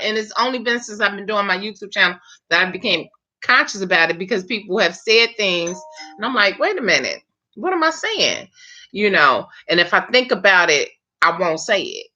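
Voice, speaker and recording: A woman's voice: mid-range voice, bright, forceful tone. A woman who does hair, hosting a casual live chat and talking straight to her viewers with a chatty, laughing manner. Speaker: live chat host, hairstylist. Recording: dull lo-fi stream audio.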